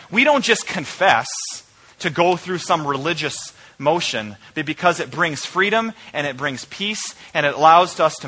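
A young man preaching from the pulpit, his voice bright and a little higher than most men's. He tells a personal story with energy, then drops into quiet, earnest reflection. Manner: storytelling, shifting between loud animated bursts and quiet earnest reflection. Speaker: pastor.

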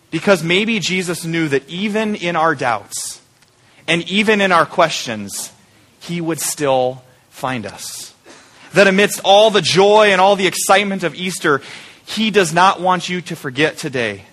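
A man delivers an Easter sermon with a bright, forceful voice that sits a little high. He preaches in a conversational, animated way and keeps asking rhetorical questions. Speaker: pastor.

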